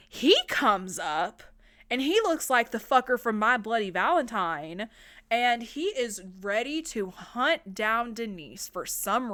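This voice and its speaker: A woman's voice: on the high side, fairly bright tone, no echo. A woman podcast host giving a casual, profane film recap, peppered with filler words. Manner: chatty, profane, lots of "like" fillers.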